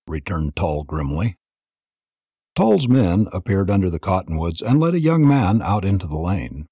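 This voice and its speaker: A man reading an audiobook in a dramatic, expressive narration style. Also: low voice, moderate pace, breathy edge, no echo, clean studio sound.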